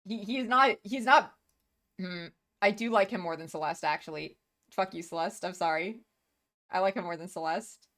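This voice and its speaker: A woman's voice: lowish voice, fairly bright tone. Gushing, rambling woman streamer. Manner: gushing, rambling, quick to laugh, frequent restarts. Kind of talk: casual live-stream chat.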